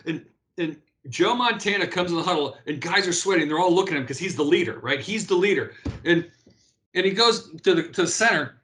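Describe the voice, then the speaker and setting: A man in his fifties talks in a fairly high voice as an interview guest. He tells stories animatedly, restarting sentences and tagging them with "right?". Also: brisk. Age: 50s. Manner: animated storyteller, frequent restarts and "right?" tags. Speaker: guest, former pro beach volleyball player. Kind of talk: casual interview talk.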